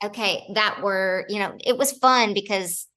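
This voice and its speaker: A woman actor chatting in an interview, telling animated stories and acting out what people said. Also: medium pitch, a little slow, rough recording. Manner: animated storyteller, acts out quotes. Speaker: actor guest. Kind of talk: casual interview chat.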